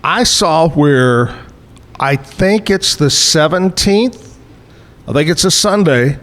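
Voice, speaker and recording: A male host leads a relaxed morning chat, trading jokes with his guest. His voice sits a little high for a man. He keeps things loose and friendly. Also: takes it slowly. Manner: joking, easygoing banter. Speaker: radio show host. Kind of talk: casual morning show chat. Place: bar and grill stage.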